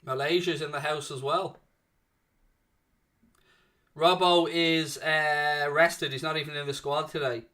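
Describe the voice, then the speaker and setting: This young man speaks with a fairly high pitch at a measured pace, pausing often, as he hosts a live fan watchalong. His play-by-play is chatty and excitable, and he reads viewers' chat messages aloud between calls.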